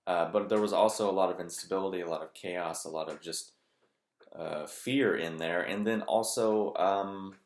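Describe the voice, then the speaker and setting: A man with a very deep voice speaks bluntly and profanely, with a sarcastic edge. He talks as if to the camera in a candid personal monologue. The sound has a roomy echo. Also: moderate pace. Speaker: vlogger.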